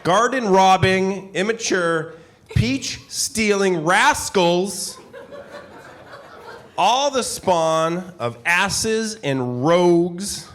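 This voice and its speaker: An actor playing a pompous, eccentric gentleman who bombastically declaims a furious period letter at a live theater reading, tossing in asides. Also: high-pitched, lively intonation, extremely slow, full character voice. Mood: blustering. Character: blustering pompous eccentric gentleman, man, middle-aged. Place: live performance hall with audience.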